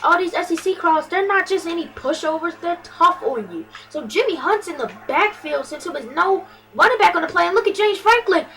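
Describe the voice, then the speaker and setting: A woman doing excitable play-by-play commentary over her football video game, bursting into shouts on big plays and tripping over her words. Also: very high-pitched, a little fast, hardly any pauses, rough recording.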